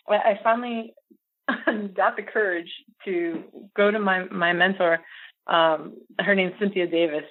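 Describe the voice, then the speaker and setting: A middle-aged American woman telling a story as a podcast guest, animated and laughing often. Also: medium pitch. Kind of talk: casual storytelling interview. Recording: phone-like audio.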